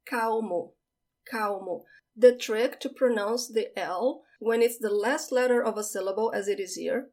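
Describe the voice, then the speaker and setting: A woman with a Brazilian Portuguese accent teaches vocabulary in a slightly high voice. As a native Portuguese speaker, she says each word slowly and carefully, often twice, then explains how to pronounce it. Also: darkish tone. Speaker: language teacher. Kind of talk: vocabulary lesson with slow pronunciation drills.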